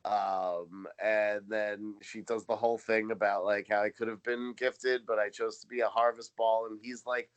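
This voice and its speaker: A man's voice: fairly low pitch, little pitch movement, normal speed, few pauses, smooth, dry recording. A man co-hosting a podcast in casual chat, wry and laughing often as he retells scenes. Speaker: podcast co-host. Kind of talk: casual chat recapping a TV episode.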